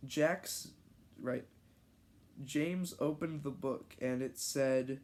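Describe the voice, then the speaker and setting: Casual read-aloud, slow pace, amused, stumbling over handwriting, joking asides. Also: medium pitch, a little mellow. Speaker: reader of own childhood stories.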